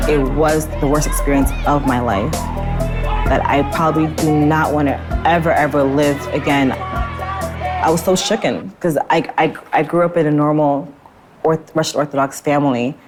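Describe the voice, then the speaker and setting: A woman who teaches English, telling an emotional personal story in an interview. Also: sits low. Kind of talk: personal testimony.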